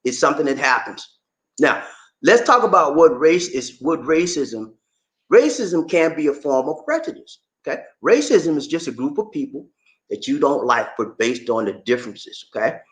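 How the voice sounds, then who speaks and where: A man hosting his own show, explaining things to viewers casually in an animated, playful way and teasing the audience. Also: a little high, normal speed. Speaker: host. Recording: echoey room.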